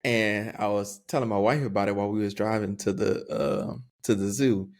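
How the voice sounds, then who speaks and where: A young adult man co-hosting a podcast in casual, slangy chat. He laughs often and talks with an easygoing, animated manner. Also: fairly low pitch, moderate pace. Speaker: podcast co-host.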